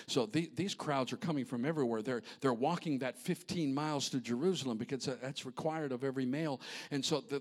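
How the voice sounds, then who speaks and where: Man pastor with a high voice, preaching with passion, hushed one moment and shouting the next. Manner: impassioned, swinging from hushed storytelling to shouting. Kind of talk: sermon.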